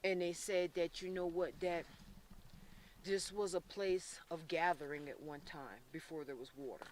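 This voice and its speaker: A man from Florida working as a psychic medium on an outdoor paranormal investigation, talking intensely and haltingly with many restarts. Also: on the high side, steady tone, far from the mic, slight background noise. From Florida, USA. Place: outdoors by a reservoir.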